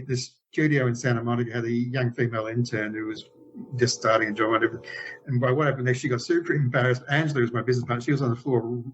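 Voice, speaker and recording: A man's voice: medium pitch, dull audio. A man in his sixties, a game developer, telling stories in a casual interview and often stopping to restart or correct himself. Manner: rambling, frequent restarts and self-corrections.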